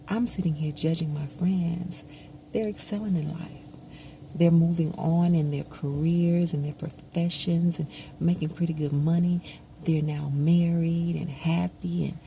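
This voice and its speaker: A woman telling a personal story to the camera, slow and reflective, often dropping to a hushed voice. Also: lowish voice, gravelly, slight background noise. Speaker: vlogger.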